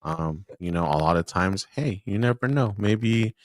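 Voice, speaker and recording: A man's voice: fairly low pitch, lively intonation, a little slow, no room sound, studio quality. A man speaking as a podcast guest, laid-back and slangy in casual chat.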